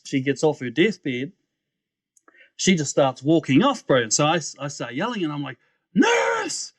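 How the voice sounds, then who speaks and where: Animated New Zealand man telling a story. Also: mid-range voice, dry recording. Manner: animated storyteller, often says "bro", acts out voices. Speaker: podcast guest. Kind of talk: testimony storytelling.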